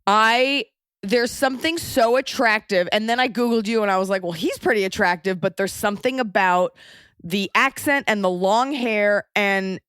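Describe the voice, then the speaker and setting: Female podcast host, chatty and playful, mid pitch, dry close mic. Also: normal speed, fairly bright tone, smooth, no room sound. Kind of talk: casual interview chat.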